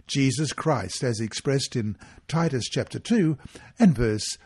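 A man reading a weekly Bible study guide aloud, measured and earnest, reading the scripture passages in full. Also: medium pitch, lively intonation, darkish tone, breathy edge.

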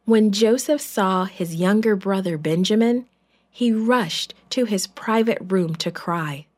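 Slow, measured woman storyteller. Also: mid-range voice. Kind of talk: scripted Bible story narration.

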